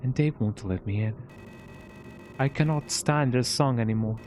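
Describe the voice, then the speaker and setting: A man's voice: normal speed, a little mellow, a little hiss or hum, lightly acted. A man reading aloud as a lonely android cut off from its kind, in a put-on British accent and a raised, theatrical voice. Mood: forlorn. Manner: reads lines in a mock-dramatic, higher voice. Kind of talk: live reading of game dialogue.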